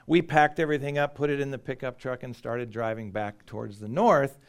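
A middle-aged man with an American accent delivers a sermon in a relaxed, conversational way. He tells a personal story, leaning into words for emphasis and chuckling now and then, with a voice of middling pitch. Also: a little fast. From United States. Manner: conversational, animated storytelling with laughs. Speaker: preacher.

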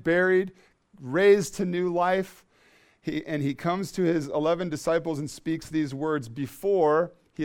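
Pastor, man, fairly high voice, emphatic sermon delivery with repeated key phrases.

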